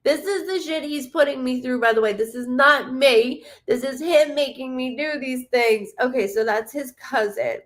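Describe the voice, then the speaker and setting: A woman's voice: high-pitched, moderate pace, few pauses. Chatty woman hosting a live psychic reading. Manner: chatty, rambling, animated, many fillers. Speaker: psychic medium host. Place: warm room with a window open.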